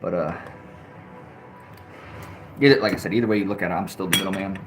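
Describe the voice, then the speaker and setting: A man with a somewhat low voice tells a story straight to his audience. His delivery is rambling and casual, full of restarts, fillers and the odd swear word. He talks the way he would to a friend. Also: quick pace, soft background music. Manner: frequent swearing, conversational. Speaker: vlogger.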